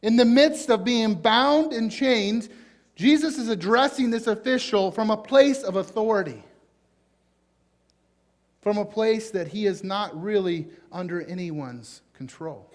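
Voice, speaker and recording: A man with a high-pitched voice preaches in a Southern US accent. He speaks in a folksy, informal way, full of fillers like "you know" and "kinda". He leans on certain words with sudden emphasis. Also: a little slow. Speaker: pastor. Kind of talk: conversational sermon.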